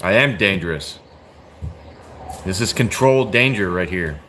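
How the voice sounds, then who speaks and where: American guy in his 30s on a stream, blunt and jokey, swears a lot, bright tense voice, faint room hum behind. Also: deep voice, expressive, measured pace. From United States. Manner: blunt, profane, joking with slangy "bro". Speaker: livestream host answering chat. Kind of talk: casual chat.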